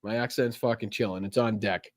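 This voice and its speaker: A man's voice: fairly low pitch, fairly even intonation, brisk, no echo, clean studio sound. A man with a Boston accent hosting a live politics stream, chatting casually, swearing and laughing often as he rambles. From Massachusetts, USA.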